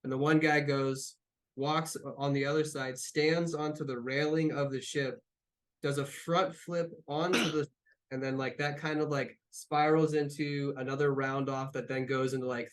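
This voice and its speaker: A man running a tabletop game as game master, narrating loosely with fillers and restarts. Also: a little high.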